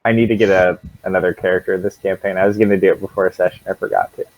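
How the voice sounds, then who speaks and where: A man's voice: low-pitched, flat delivery, rapid-fire, dull audio. A young man running a tabletop game as dungeon master, joking with his players.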